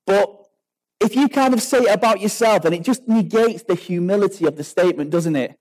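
A man's voice: high voice, lively intonation, a little fast, darkish tone, rough recording. A man with a British accent giving an informal, chatty sermon, telling stories with many restarts and rhetorical questions. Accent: British English. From Britain. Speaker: preacher.

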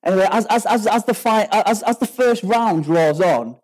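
A man's voice: high-pitched, moderate pace, darkish tone, poor audio. A man with a British accent giving an informal, chatty sermon, telling stories with many restarts and rhetorical questions. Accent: British English. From Britain. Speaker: preacher.

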